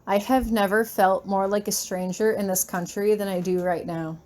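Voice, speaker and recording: A woman voicing an earnest, puzzled young boy who speaks slowly, in a fan fiction reading. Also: on the high side, lively intonation, a little mellow, a little hiss or hum. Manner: slow, puzzled.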